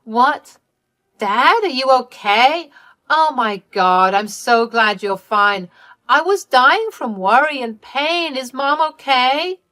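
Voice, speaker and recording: A woman doing a selfish young sister in a story, whiny and frantic, her voice pushed high and loud, sounding close and dry with no room around it. She pleads and snaps in a shrill way. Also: animated, takes it slowly, no echo, exaggerated voice. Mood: pleading.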